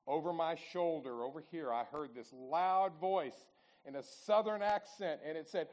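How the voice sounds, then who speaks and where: A man in his sixties gives a folksy storytelling talk at church, chatting with the audience and asking them questions. His medium-pitched, darkish voice moves fairly quickly on a low-quality recording.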